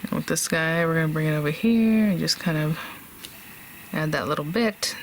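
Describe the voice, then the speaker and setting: A woman's voice: low-pitched, moderate pace, a little hiss or hum. A woman hosting a casual crafting tutorial, chatting and thinking aloud as she works, with fillers and small laughs.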